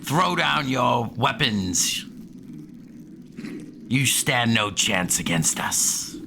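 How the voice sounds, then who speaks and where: Stern fighter woman giving orders, man reading her lines, slow and gravelly. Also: mid-range voice, animated, background noise, heavily acted. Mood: threatening. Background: background music.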